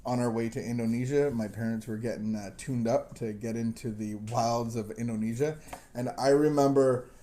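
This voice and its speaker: Rambling, chuckling man with a mellow voice. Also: medium pitch, fairly even intonation, normal speed. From missionary kid raised partly in Southeast Asia. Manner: rambling and self-deprecating, with frequent restarts and chuckles. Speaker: recovery podcast host. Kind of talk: casual conversational storytelling.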